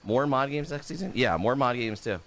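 A man's voice: mid-range voice, a little fast, a bit bright, faint music behind. A man streaming a game live, swearing freely and greeting his chat by name.

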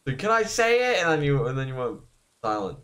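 A man's voice: medium pitch, sing-song, fairly quick, crowd noise. A man streaming a game, chatting casually with friends over voice chat and teasing them with frequent laughs.

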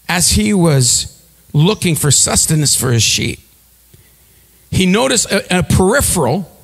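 A male pastor delivering a sermon in a high, animated voice that swings widely in pitch. His tone is bright and ringing, and he stammers through his story before bursting into shouted calls to the congregation. The hall behind him adds a long, trailing reverb. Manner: storytelling with repeated restarts, swelling to shouted preaching. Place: church sanctuary.

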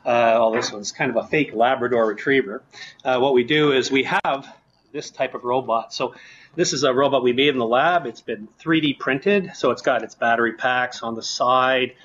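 Male researcher, plain mid pitch, relaxed and full of ums, slightly dull lo-fi audio from a lab. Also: moderate pace, a little hiss or hum. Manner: relaxed, with many fillers. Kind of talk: explaining his research in an interview.

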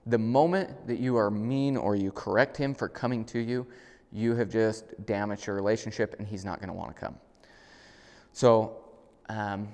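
Low-voiced man teaching dog training. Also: creaky, long reverb tail. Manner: relaxed explaining, bursts into high, loud, upbeat dog commands. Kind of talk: casual instructional talk. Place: indoors in a house.

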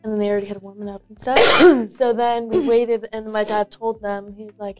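A woman's voice: medium pitch, steady tone, a little fast, few pauses, a little mellow, faint music behind. A young woman guest in a casual student interview, telling stories in a rambling way with many fillers. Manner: rambling, filler-heavy storytelling. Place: school.

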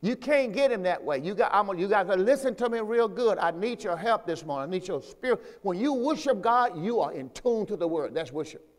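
A man with a high, lifted voice leads a church sermon, pressing his points through repetition and emphasis. He calls the congregation to repeat phrases after him. His voice rings out with a long hall reverb around it. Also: lively intonation, a little fast, few pauses. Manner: call-and-response preaching, asks congregation to repeat; repetitive, emphatic teaching delivery. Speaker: pastor.

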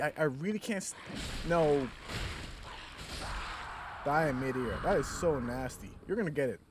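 Guy streaming a game, cussing at the bad guys, slowish talk, a bit of noise behind. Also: lively intonation. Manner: trash-talking, cursing, yelling at enemies; slow, drawn-out, with sudden high outbursts. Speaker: gameplay streamer. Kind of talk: casual gameplay commentary.

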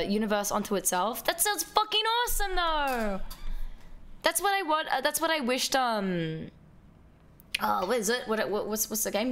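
A woman livestreaming a game, chatting casually with her viewers, excitable and swearing freely. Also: fairly high pitch. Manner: excitable, swears a lot, talks to chat. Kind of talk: casual gameplay livestream chat.

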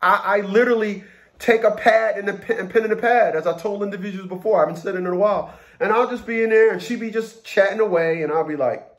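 A man's voice: sits high, quick pace. A man ranting to his viewers in a blunt, profane, storytelling way, sharing his experiences in custody court. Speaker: vlogger giving custody advice. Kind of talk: casual rant to camera.

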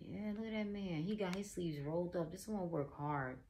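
A woman with a low voice runs a casual tarot reading. She is blunt and profane and keeps addressing the listener directly. A faint background noise sits under the recording. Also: moderate pace, darkish tone. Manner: blunt, profane, emphatic, talks to viewer as "girl". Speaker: tarot reader.

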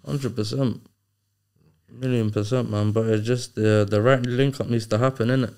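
A man's voice: medium pitch, fairly even intonation, moderate pace, a little mellow, clean tone. A man being interviewed as a guest rapper, talking bluntly in casual chat with heavy street slang. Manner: blunt, street slang, says "bro" and "innit" a lot.

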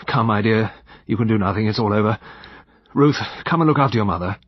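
A man doing a firm, soldierly old gentleman. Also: lowish voice, a little fast, slightly rough, no echo, dull audio. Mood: soothing.

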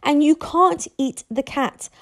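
Brief: woman reading as a young Viking boy, raised pitch, firm and impatient storybook voice. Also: huge pitch swings, normal speed, warm tone. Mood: strained. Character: earnest young Viking boy, patient but strained.

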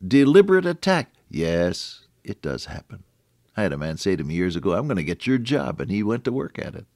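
A man's voice: deep voice, lively intonation, brisk, darkish tone, no echo, clean studio sound. An older man giving a folksy, conversational radio devotional sermon and chuckling at his own jokes. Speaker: radio preacher.

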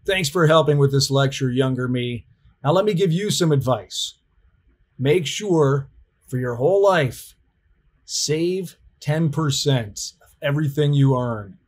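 A middle-aged man, a college professor, giving a recorded lecture in an emphatic, deliberate teaching manner. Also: on the high side.

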